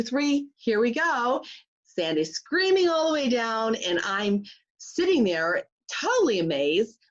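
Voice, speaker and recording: Animated woman telling a true story. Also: medium pitch. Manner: animated, acts out quoted voices. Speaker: life coach. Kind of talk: personal storytelling. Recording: slightly muffled recording.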